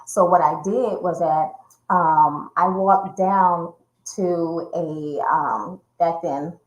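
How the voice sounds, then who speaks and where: A woman's voice: lowish voice, steady tone, drawn-out words. A woman guest in an interview telling a personal story and acting out the voices she quotes. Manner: vivid retelling that acts out quoted voices. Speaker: interview guest, domestic violence survivor and speaker. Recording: roomy echo.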